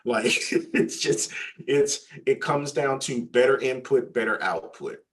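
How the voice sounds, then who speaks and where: A man talking casually in a conversation, animated and full of fillers. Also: mid-range voice, slow. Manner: animated storyteller, acts out quoted voices; loose, repetitive phrasing with many "like" fillers.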